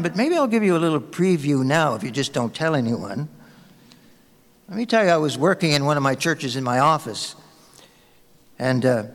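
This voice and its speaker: A man's voice: medium pitch, long reverb tail. A man preaching a sermon as a pastor, telling anecdotes in a conversational way to his congregation. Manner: storytelling, conversational, warm anecdotes.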